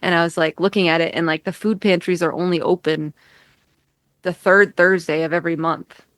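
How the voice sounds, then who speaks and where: An American woman with a lowish voice chats as a podcast guest, rambling from thought to thought and leaning on "like" at every turn. Her voice is dry and close, with no room sound around it. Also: steady tone, fairly quick, fairly bright tone, dry recording. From United States. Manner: rambling, heavy use of "like". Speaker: musician guest. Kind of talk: casual chat. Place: home in upstate New York.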